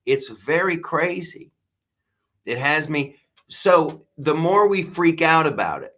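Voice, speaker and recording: Bright-voiced ranting comedian host. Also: male voice, on the high side. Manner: exasperated, sarcastic, fast restarts. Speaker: comedian host of a live news talk show.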